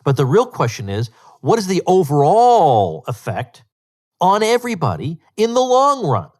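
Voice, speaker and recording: A man's voice: a little high, wildly swooping pitch, normal speed, a little mellow. A man hosting a solo podcast, talking emphatically and with disbelief, often repeating words for stress. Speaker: podcast host.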